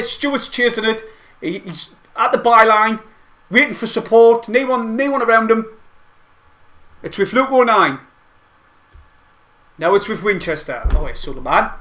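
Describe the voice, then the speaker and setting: A man giving excitable, rambling play-by-play of a match from home, as host of a fan watch-along. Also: high voice. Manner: excitable, rambling fan commentary with mild swearing. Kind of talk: casual live play-by-play commentary. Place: at home, not at the stadium.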